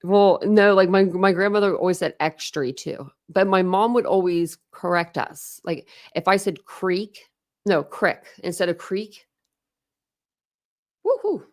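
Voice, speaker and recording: A woman's voice: lowish voice, measured pace. A young woman hosting a true crime channel, chatting casually and rambling to her livestream viewers, full of "like"s and restarts.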